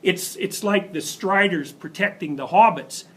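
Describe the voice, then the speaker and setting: A man's voice: high-pitched, a little slow, fairly bright tone, low-quality recording. A man giving a university lecture, telling stories emphatically with rhetorical questions and asides. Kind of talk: classroom lecture.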